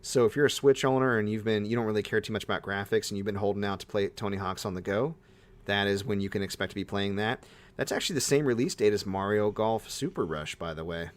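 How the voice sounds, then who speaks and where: Young male podcast co-host, low voice, excitable and gushing. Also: fast talker. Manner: excitable, gushing, breaks into high-pitched bursts. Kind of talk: casual chat.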